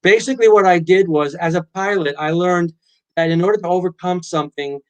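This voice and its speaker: His voice sits high, smooth and brisk as the middle-aged guest, a pilot who also writes, tells stories in a relaxed interview, animatedly acting out what people said.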